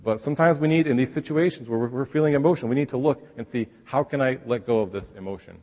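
Male pastor, casual sermon delivery, mid-pitched voice, long hall reverb. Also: fast, dark tone. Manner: conversational, acts out quoted voices.

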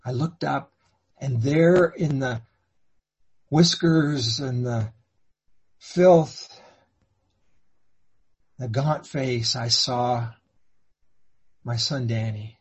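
Husky-voiced man telling a sermon story. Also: medium pitch, drawn-out words, long pauses, muffled recording. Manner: swings between hushed and fervent. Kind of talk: dramatic first-person sermon storytelling.

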